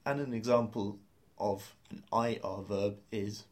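This man teaches a beginner language lesson, breaking down grammar one step at a time and spelling each word letter by letter. He speaks at a fairly low pitch, unhurried and a little mellow.

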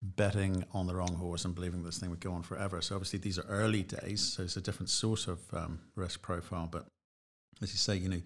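A man with a low voice hosts a casual interview. He talks in a measured, reflective way and often restarts his phrases as he works through a point. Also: little pitch movement, a little hiss or hum.

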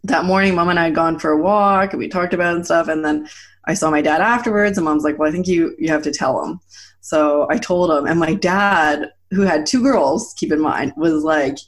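A woman in her thirties, telling a personal story in a casual chat, animated and laughing often as she acts out quotes. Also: low voice, a little fast. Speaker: guest.

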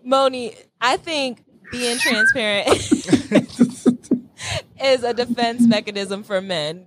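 A woman's voice: on the high side, expressive, slow pace, very noisy. A woman in a casual group conversation, telling candid stories that poke fun at herself. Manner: candid, self-mocking storyteller.

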